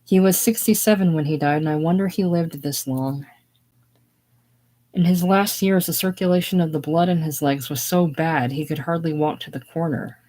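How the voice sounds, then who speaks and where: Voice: mid-range voice, normal speed, warm tone, close to an everyday voice. A reader voicing an anxious widowed older seamstress. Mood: reminiscing. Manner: earnest, talkative, chatty reminiscing.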